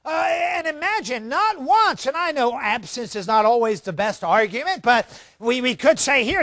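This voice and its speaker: A man preaching a sermon, swinging from shouted lines to hushed, dramatic ones. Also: extremely high pitch, animated, normal speed, no echo, clean studio sound.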